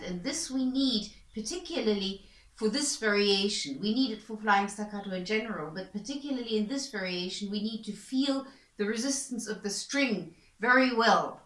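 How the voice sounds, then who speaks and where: A woman violin teacher explaining bowing technique in a calm, patient, step-by-step way. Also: fairly high pitch. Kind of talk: instructional explanation. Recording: echoey room. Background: violin playing between explanations.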